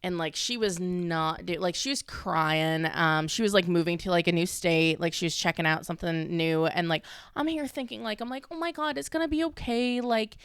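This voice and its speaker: A woman's voice: lowish voice, normal speed, clear, resonant tone, dry recording, clean studio sound. A woman in her twenties co-hosting a podcast, telling stories in a rambling, casual way with lots of "like" and frequent laughter. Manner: rambling, heavy use of "like", laughs often. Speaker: podcast co-host. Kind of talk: casual chat.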